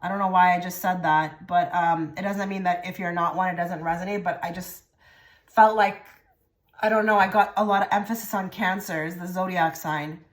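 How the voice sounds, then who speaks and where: A woman giving a pick-a-card tarot reading to her viewers, rambling and repeating herself, often trailing into soft murmured phrases. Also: fairly low pitch, fairly even intonation, normal speed. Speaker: tarot reader.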